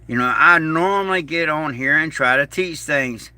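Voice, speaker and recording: A man hosting a casual livestream in a slow, rambling, folksy way, reading out viewer messages. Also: fairly high pitch, sharp tone, no room sound. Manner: slow, rambling, folksy, reads chat aloud. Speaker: YouTube channel host.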